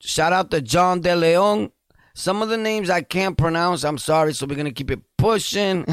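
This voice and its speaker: A man hosting a casual solo podcast, talking in a loose, streetwise way and giving hyped shout-outs with bursts of laughter. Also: high-pitched, moderate pace, clear, resonant tone, dry recording, clean studio sound. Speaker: podcast host.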